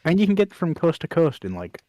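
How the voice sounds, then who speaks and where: A man's voice: fairly high pitch, big pitch swings, a little fast, mellow, no echo, lo-fi sound. A young man with an English accent, a podcast guest telling stories in a laid-back, laughing way. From England. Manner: laid-back storyteller, laughs often, lots of "like". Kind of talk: casual chat.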